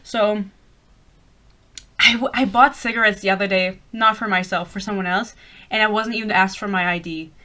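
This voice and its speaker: Bright-voiced young German woman rambling. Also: medium pitch, moderate pace. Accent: German-influenced English. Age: 20s. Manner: rambling, excitable, swears a lot. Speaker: podcast host. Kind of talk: casual chat.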